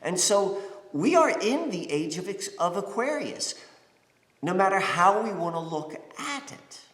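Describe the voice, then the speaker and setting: Recorded in a reverberant, roomy space, a US spiritual podcast host rambles through a casual talk, packed with fillers, restarts and "you know"s. He has a high, fairly bright voice with big pitch swings and a measured pace.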